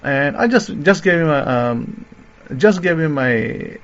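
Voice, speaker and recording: A man's voice: on the high side, lively intonation, unhurried, vocal fry, muffled recording. A man telling a story in a sermon, with a rambling way of talking, many fillers and restarts, as a religious teacher.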